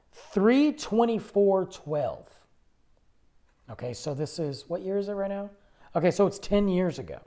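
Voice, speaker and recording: A man with a gravelly, creaky voice tells a long personal story on a podcast. His pitch swings up and down a lot as he goes, and he rambles and restarts his sentences, animated and loose. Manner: rambling, animated, self-interrupting. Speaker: podcast host. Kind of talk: casual storytelling monologue.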